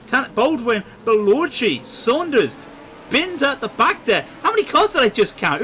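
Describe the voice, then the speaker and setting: High bright guy calling a sim race, gets loud and excited at crashes, little hiss behind. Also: normal speed. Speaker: race commentator. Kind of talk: sim racing live commentary.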